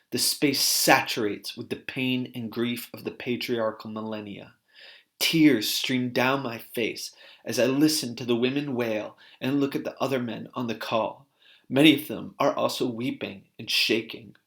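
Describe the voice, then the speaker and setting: A man reading aloud a personal essay he wrote, earnest and deliberate. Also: medium pitch, gravelly. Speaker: author reading his own article.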